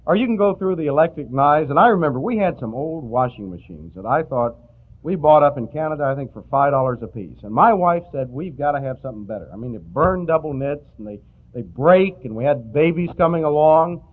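Folksy preacher on tinny tape. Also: male voice, a little high, expressive, brisk. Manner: folksy, anecdotal, chuckling asides. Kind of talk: sermon. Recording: tinny, phone-like old tape.

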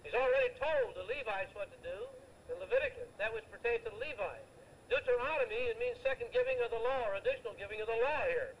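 High-voiced man preaching emphatically. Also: expressive, fast talker, slight background noise, low-quality recording. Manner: emphatic, asks rhetorical questions and answers them. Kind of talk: sermon, expounding scripture.

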